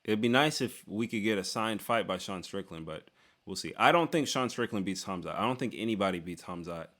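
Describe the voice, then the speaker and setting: A man's voice: on the low side, lively intonation, fairly quick, fairly bright tone. A young man casually answering viewer questions, joking around and trailing off into fillers like "dude" and "like". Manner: loose and joking, lots of "dude" and "like", trails off and restarts. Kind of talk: casual Q&A chat.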